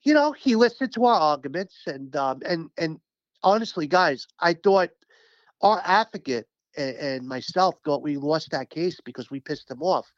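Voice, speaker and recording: A man speaking as a union representative, telling stories in an animated, emphatic, profane way during a casual interview. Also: a little high, normal speed, dry recording, lo-fi sound.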